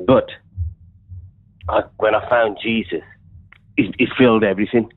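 A man's voice: on the low side, steady tone, normal speed, no room sound. A man from England with a West Midlands accent, calling in to a radio show to share an earnest faith testimony, often repeating his words. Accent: West Midlands English. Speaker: caller. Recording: tinny phone line.

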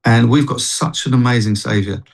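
A man, a street evangelist, telling a faith testimony in an animated, restarting way during an interview. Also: mid-range voice, normal speed, gravelly. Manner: animated storytelling, many restarts. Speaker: street evangelist and worship singer. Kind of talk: testimony in a Christian talk show interview.

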